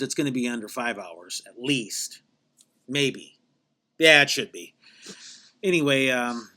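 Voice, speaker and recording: A man hosting a podcast, telling a rambling comic story with deadpan asides and constant restarts. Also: mid-range voice. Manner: meandering, self-correcting, deadpan tall tale. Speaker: podcast host.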